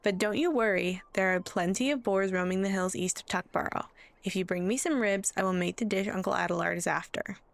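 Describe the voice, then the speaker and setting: A woman's voice: medium pitch, a little fast, vocal fry, no room sound, natural voice. A woman reading as a chatty hobbit cook. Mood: friendly. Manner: chatty, motherly quest-giver read aloud. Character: homely middle-aged hobbit woman cook, friendly.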